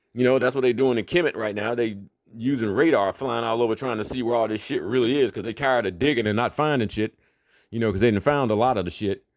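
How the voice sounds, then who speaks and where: A man in a rambling, profane solo rant, his voice sitting at an ordinary middle pitch. He keeps tossing in "you know" and laughs between points. The sound is close and dry, with no room around it. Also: no echo. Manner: profane, rambling, constant "you know what I'm saying" fillers. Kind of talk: casual ranting monologue.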